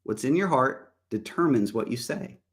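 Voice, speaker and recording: A man's voice: mid-range voice, lively intonation, moderate pace. Conversational man teaching a Bible study. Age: adult parent. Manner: conversational, with personal stories and scripture readings.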